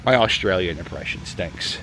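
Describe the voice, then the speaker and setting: A man's voice: low voice, expressive, moderate pace, heavy background noise. A middle-aged man, vlogging outdoors on a snowy city plaza, talking chattily in a joking, rambling way into a handheld camera as he walks. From Philadelphia. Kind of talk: casual walking vlog commentary.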